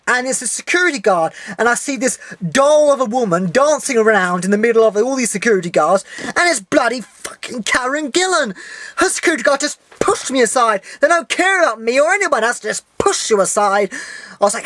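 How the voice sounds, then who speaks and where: A young man talking to camera in a casual vlog from a room at home. He rambles on in an animated way, trips over his words and restarts often. He swears freely when he gets worked up. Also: very high voice, a little fast, no echo. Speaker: vlogger.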